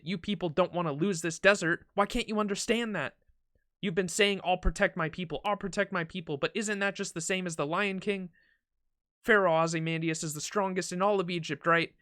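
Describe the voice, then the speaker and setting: A man's voice: high-pitched, a bit bright, dry recording, studio quality, pitched above the performer's own voice. A man doing a fiery young monk woman. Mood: furious. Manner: earnest and scolding.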